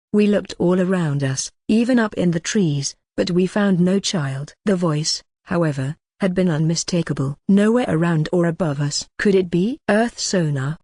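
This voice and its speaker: Audiobook narrator, mid-pitched voice, even pacing, dry close recording. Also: normal speed, hardly any pauses, no echo. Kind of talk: scripted light novel narration.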